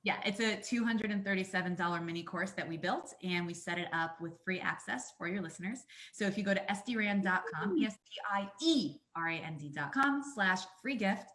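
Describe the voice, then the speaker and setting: An energetic woman guest on a talk show, speaking at a middle pitch. She tells stories with animated emphasis and keeps pressing her points with lively conviction. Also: brisk, few pauses. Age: adult, mother of young children. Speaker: guest, coach.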